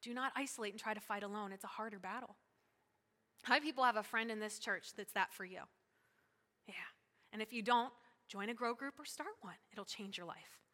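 A woman pastor preaching a sermon in a church, lively and conversational, with asides and quick laughs. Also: mid-range voice, long reverb tail. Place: church sanctuary.

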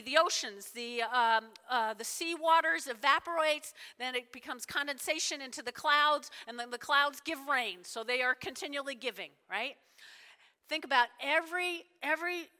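A woman preaching a sermon in a lively, animated way, checking in with the congregation with frequent "all right?" and "right?". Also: high-pitched. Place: church sanctuary. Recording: long hall reverb.

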